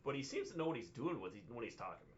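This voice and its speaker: Man, livestream co-host, casual halting chat, mid-pitched voice, dull lo-fi stream audio. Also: very animated. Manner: halting, many fillers, reads viewer comments. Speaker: wrestling show co-host.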